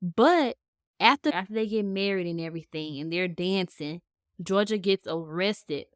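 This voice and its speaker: A woman's voice: on the low side, moderate pace, clear, resonant tone, no echo, studio quality. A young woman co-hosting a casual podcast chat, blunt and teasing, talking with strong emphasis. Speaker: co-host.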